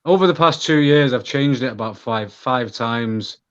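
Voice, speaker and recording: A man in his thirties with a Manchester accent talks candidly on a podcast. He rambles and restarts his sentences often, at a middling pitch. The audio sounds a little dull and lo-fi. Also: moderate pace, smooth. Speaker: guest. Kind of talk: casual podcast conversation.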